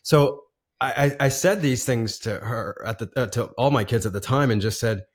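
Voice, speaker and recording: A man's voice: medium pitch, normal speed, slightly rough. A man in his forties, a podcast guest, telling a personal story in a casual, earnest way with frequent laughs and restarts.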